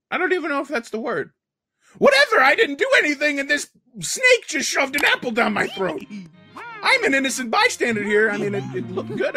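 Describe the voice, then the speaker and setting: High-strung male cartoon pencil guy, exclamatory, wildly swooping pitch, rather high, loud music underneath. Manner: exclamatory, rambling, bursts into shouts. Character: excitable male cartoon pencil character, chatty and dramatic. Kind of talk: animated cartoon reaction commentary. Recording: voice over loud background music.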